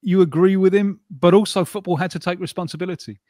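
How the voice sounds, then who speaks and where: A male guest pundit in casual chat who talks haltingly, repeating words as he thinks. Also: sits high, fairly even intonation, darkish tone, no echo, clean studio sound.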